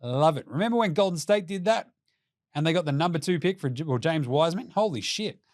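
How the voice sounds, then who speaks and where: A man's voice: fairly high pitch, animated, a little fast, no echo, studio quality. Brash, swearing Australian man. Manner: brash, profane and jokey. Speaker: basketball commentary host. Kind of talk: casual sports commentary.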